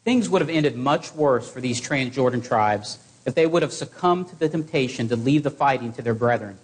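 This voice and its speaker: A man preaching a sermon to his congregation in an earnest, exhorting way, with measured pauses. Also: mid-range voice, expressive.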